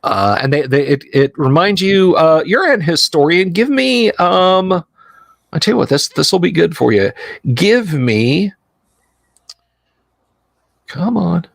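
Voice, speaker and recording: A man narrating a tabletop horror game as game master, halting and full of restarts. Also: a little high, expressive, creaky, no room sound, studio quality.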